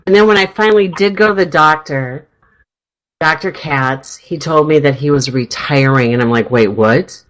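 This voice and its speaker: Middle-aged lady radio host, kinda hoarse, rambly and chatty, lowish voice. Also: moderate pace, low-quality recording. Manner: chatty, rambling, laughs often. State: throat tickle, slightly hoarse. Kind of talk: casual chat.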